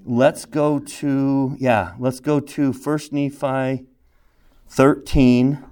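A man's voice: mid-range voice, fairly even intonation, very slow, dark tone, clear, resonant tone. A man teaching a scripture class, who keeps asking his students questions and repeats key phrases for emphasis. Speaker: religion teacher.

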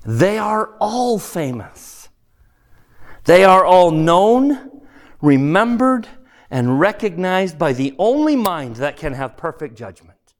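Male discussion leader, questioning and animated, slightly high voice. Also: slow. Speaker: teacher leading a book discussion. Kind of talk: reading aloud and leading discussion.

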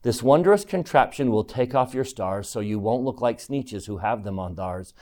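Man reading a sly storybook salesman, clear keen voice, smooth patter, mid-range pitch. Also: animated, normal speed, a little mellow, natural voice. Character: sly smooth-talking male traveling salesman.

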